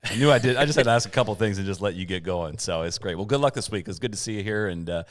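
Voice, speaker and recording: A man's voice: on the low side, expressive, very fast. A man hosting a casual golf interview, asking friendly questions. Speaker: podcast host, interviewer.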